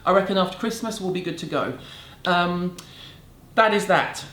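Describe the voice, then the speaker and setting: A woman's voice: lowish voice, moderate pace, fairly bright tone. Blunt British woman ranting, roomy echo. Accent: British English. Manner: blunt, sarcastic, emphatic. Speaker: beauty vlogger. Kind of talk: casual rant to camera. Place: home room in a city.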